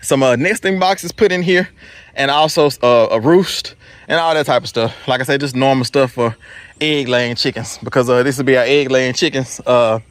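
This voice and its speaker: A man filming a casual farm vlog, walking and talking in a relaxed, rambling way with lots of fillers. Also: mid-range voice, normal speed, no room sound. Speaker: farm vlogger. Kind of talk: casual walk-and-talk vlog. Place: small farm, outdoors then indoors in a house. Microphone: handheld camera.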